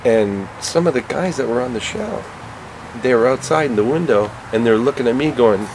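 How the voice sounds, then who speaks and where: Gravelly-voiced comedian telling stories. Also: male voice, medium pitch, moderate pace, rough recording. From Canada. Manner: animated anecdotes, voices other people. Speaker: comedian guest. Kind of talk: storytelling interview. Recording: background noise, vehicle sounds.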